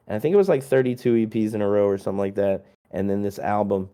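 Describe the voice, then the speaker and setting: A man's voice: on the low side, fast, mellow, clean tone. A young man, a musician guest, chatting casually through a long list of his releases, rambling and joking with lots of fillers.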